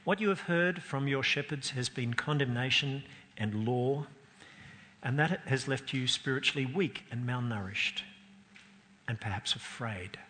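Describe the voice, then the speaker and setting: A man's voice: medium pitch, measured pace, bright, forceful tone, a little hiss or hum. A man preaching a sermon, earnest and emphatic, his voice climbing and dropping to stress points. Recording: long hall reverb.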